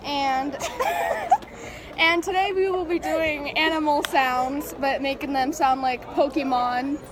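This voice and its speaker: A high-voiced young woman runs a silly game with her friends, giggly and chatty as she hands out turns. Loud noise sits underneath the whole recording. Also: steady tone, takes it slowly. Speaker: vlogger. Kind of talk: casual chat with friends.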